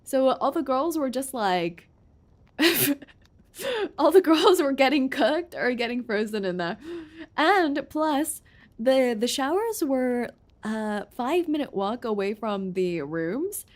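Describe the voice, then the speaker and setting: A woman's voice: high voice, sing-song, takes it slowly. A woman streamer chatting playfully and reading game text aloud during a gameplay stream. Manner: playful and giggly, jokes around.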